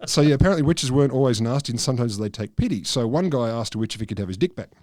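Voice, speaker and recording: A middle-aged man recounts odd history on a podcast in a dry, deadpan way. His voice sits at an ordinary middle pitch, and the sound is close and dry, with no room around it. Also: rapid-fire, no echo. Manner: deadpan, dry jokey storytelling. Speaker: podcast co-host telling the history. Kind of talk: casual comedic science chat.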